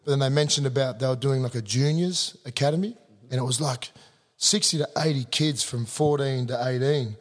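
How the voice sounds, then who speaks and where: The recording has a big-room sound, with a man of medium pitch talking fairly quickly. He's an Australian in his thirties, a guest in a casual chat, animatedly telling a blunt story laced with swearing.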